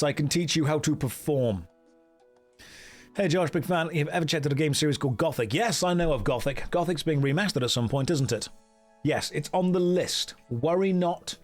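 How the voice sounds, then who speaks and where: A man from the UK chatting wryly with his viewers while streaming a game. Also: on the high side. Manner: wry, joking asides to chat while reading game dialogue. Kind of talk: casual live-stream commentary.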